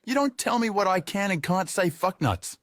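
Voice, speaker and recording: A man's voice: high voice, expressive, normal speed, a bit bright, no room sound, studio quality, voice pushed up. A man voicing a crude, slurring drunk tradesman in an audiobook. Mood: belligerent. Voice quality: slurring, coarse.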